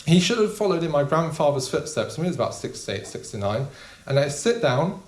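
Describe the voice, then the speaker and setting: Deadpan young stand-up comic. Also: male voice, on the high side, fairly quick. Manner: deadpan, casual, with filler ums. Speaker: stand-up comedian. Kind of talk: stand-up comedy set. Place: small comedy club with live audience. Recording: echoey room.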